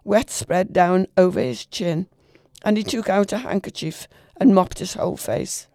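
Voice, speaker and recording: A woman reading a literary short story aloud in a measured, expressive way. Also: medium pitch, vocal fry, no room sound, studio quality. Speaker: reader.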